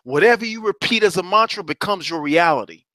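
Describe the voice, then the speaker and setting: A man's voice: high voice, animated, fairly quick, pushed and bright, dry recording. A middle-aged man coaching listeners on a broadcast, preaching with rising passion and repeating phrases like a mantra. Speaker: motivational coach. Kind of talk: motivational talk on a broadcast.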